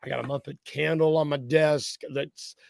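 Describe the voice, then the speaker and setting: A man's voice: fairly high pitch, steady tone, moderate pace, gravelly, dry recording, studio quality. A man co-hosting a casual sports podcast, playful and rambling, laughing easily. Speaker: podcast co-host.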